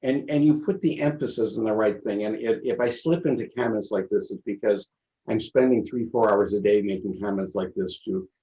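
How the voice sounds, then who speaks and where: Low, mellow man presenting a webinar. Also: dull audio. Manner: thoughtful, halting, with repeated restarts. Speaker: presenter and teacher. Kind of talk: webinar presentation, casual commentary. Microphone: video call.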